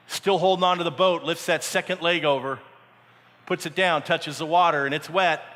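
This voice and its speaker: A man's voice: a little high, brisk, fairly bright tone. A man preaching a dramatic, story-driven sermon at a camp, acting out voices as he tells the story. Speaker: camp speaker. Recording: echoey hall.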